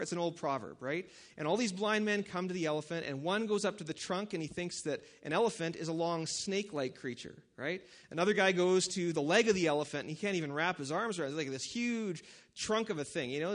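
A male preacher with a slightly higher voice talks through his sermon like a chat with the congregation. He asks them questions as he goes and leans on "um" and "right?" along the way. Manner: conversational, asks the audience questions, many fillers. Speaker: pastor.

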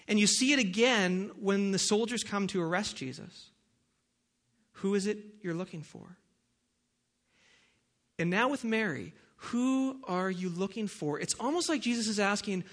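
A man preaching a sermon as pastor, opening with a soft, lowered prayer and moving into a casual, conversational Bible talk. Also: vocal fry.

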